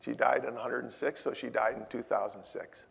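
A man preaching a sermon, telling stories and moving from loud urging to hushed asides. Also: mid-range voice, steady tone, fairly quick, creaky, slightly rough. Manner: storytelling, swinging from loud exhortation to hushed asides. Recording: hall with long reverb.

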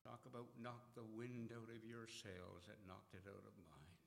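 A man's voice: fairly low pitch, level tone, normal speed, vocal fry, long reverb tail, slight background noise. An older man telling an earnest personal testimony, acting out the dialogue he recalls. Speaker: speaker giving a personal testimony.

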